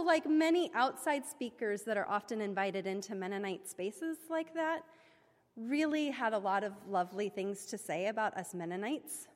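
A woman's voice: a little high, normal speed. A woman giving an informal sermon-style report to her congregation, chatty and self-deprecating, with many fillers and restarts. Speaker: church member reporting back to her congregation. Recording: long hall reverb.

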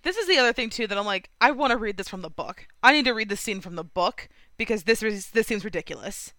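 Podcast co-host, woman, chatty and self-deprecating, bright and smooth. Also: mid-range voice, animated, quick pace, no room sound. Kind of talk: casual movie discussion podcast.

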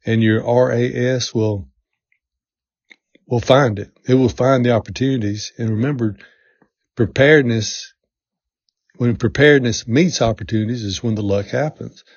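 A man's voice: medium pitch, moderate pace, long pauses, slightly rough, no room sound. A middle-aged man hosting a motivational podcast, talking in an earnest, repetitive coaching way. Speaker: podcast host. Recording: dull lo-fi sound.

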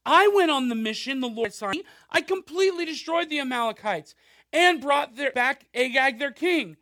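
A man's voice: very high voice, lively intonation, normal speed, sharp tone, heavily acted. A man voicing an ancient king who defends himself with flustered, protesting denials. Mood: defensive.

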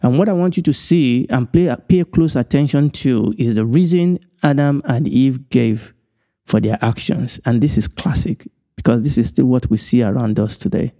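A man's voice: medium pitch, normal speed, mellow. A man giving a Bible teaching, stressing points through repetition and chuckling now and then. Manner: repetitive, emphatic phrasing with chuckles.

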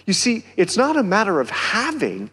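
Brief: Southern male pastor, lively swooping delivery, slightly high voice, preaching in a reverberant church. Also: normal speed, slightly rough. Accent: American Southern. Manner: animated, rising to near-shouts on key phrases. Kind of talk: sermon. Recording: long hall reverb.

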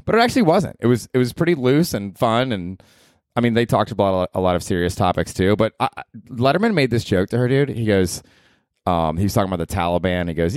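A man in his forties talks in a low voice through a casual solo podcast from his apartment. He rambles, swears freely and pokes fun at himself. The sound is close and dry. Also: animated, fast talker, darkish tone, no room sound. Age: 40s. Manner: rambling, profane, self-deprecating. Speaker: podcast host and comedian.

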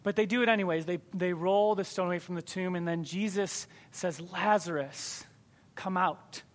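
A man's voice: high-pitched, fairly even intonation, fairly quick. A man preaching a sermon to his congregation in a conversational, emphatic way.

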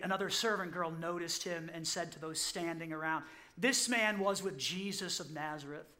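A pastor delivers a sermon in a high, bright voice. He narrates scripture like a story, acting out the quoted lines. He repeats his key point slowly.

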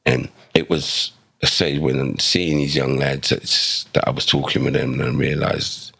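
An English man in his sixties, a former footballer appearing as a podcast guest, speaks in an extremely deep, gravelly, husky voice at normal speed with few pauses. His storytelling is relaxed and conversational but animated, as he acts out the lines of the people in his anecdotes in their own voices.

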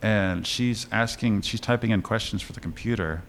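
Deep-voiced man recapping a movie. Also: moderate pace, slight background noise. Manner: animated storytelling with chuckles and fillers. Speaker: podcast co-host reviewing a film. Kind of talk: casual chat.

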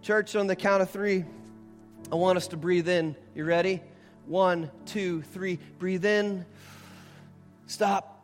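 Young male pastor, high voice, preaching in a big echoing church with soft music behind, hushed to fervent. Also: steady tone, takes it slowly. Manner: builds from hushed storytelling to fervent, raised preaching. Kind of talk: sermon. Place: large church sanctuary with long reverb. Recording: reverberant church hall with faint music.

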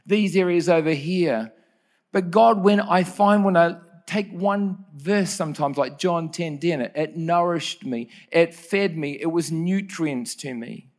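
Brief: earnest male preacher, high-pitched, personal and conversational sermon delivery. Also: a little slow. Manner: earnest, personal storytelling with self-correcting asides. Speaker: pastor.

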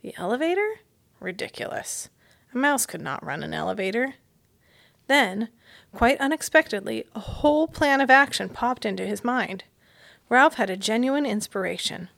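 A woman as a guest reader, reading a children's chapter book aloud in a measured storytelling manner. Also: fairly high pitch, animated, gravelly, a bit bright, no echo.

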